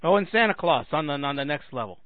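Sarcastic talk host, man, high voice, phone-thin dry audio. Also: expressive, fast talker, no room sound, phone-quality sound. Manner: sarcastic ranting with mocking put-on voices. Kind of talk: comedic monologue.

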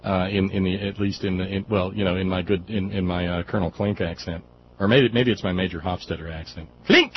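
A low-voiced man hosts a call-in radio show, joking with callers and tripping over his words in restarts. The recording sounds dull and muffled, with a faint hiss underneath. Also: fairly even intonation, fast talker. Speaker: radio talk show host.

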